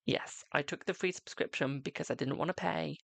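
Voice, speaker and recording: A British man with a gravelly, creaky voice, chatting casually on a live stream. He is talkative and self-mocking and swears now and then. The sound is dry and close, with no room echo. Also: a little high, a little fast, a bit bright. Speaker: tarot reader and live streamer.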